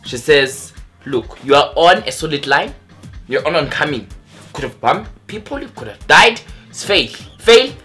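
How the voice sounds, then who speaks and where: A young man from South Africa telling an animated storytime vlog, acting out the other people's voices. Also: on the high side, normal speed, faint music behind. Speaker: vlogger.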